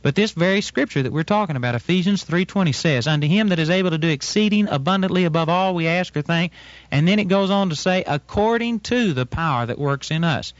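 A man's voice: high voice, lively intonation, quick pace, no echo, muffled recording. A man teaching from the Bible in an emphatic, step-by-step way, repeating his key phrases.

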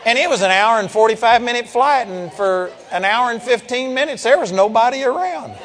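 A man preaching, telling a story in an animated, emphatic way and calling out amen. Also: very high-pitched, brisk, big-room sound. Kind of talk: storytelling sermon.

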